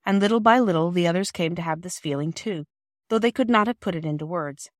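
A woman narrating a classic children's novel aloud, reading in a measured, expressive way. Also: on the low side, dry recording, clean studio sound. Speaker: audiobook narrator. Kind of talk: scripted storybook narration.

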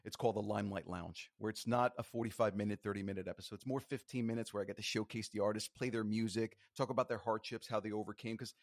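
A man's voice: lowish voice, steady tone, fast talker, few pauses, dry recording, clean studio sound. A man being interviewed as a podcast guest, talking earnestly and motivationally, with some rambling restarts.

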